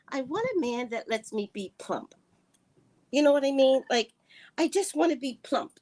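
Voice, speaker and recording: A woman who works as a spiritual reader and vlogger casually tells her viewers a personal story in a high-pitched voice. She's animated, quick to laugh, and often turns aside to address her audience.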